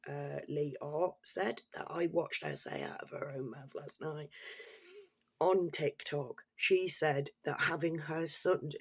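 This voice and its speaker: A woman's voice: low-pitched, vocal fry, slightly rough. A woman ranting bluntly and swearing freely, in an exasperated casual monologue. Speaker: commentator.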